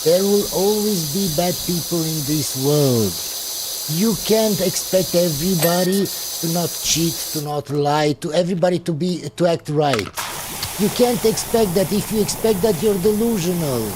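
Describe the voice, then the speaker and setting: A man's voice: high voice, normal speed, background noise. Blunt man mocking a clip. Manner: blunt, mocking, addresses viewers directly. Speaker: commentator reacting to a clip. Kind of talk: reaction commentary.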